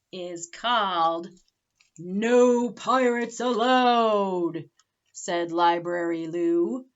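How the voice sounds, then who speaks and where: A woman librarian reading a picture book aloud for children at home, with animated, expressive storytelling. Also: medium pitch, lo-fi sound.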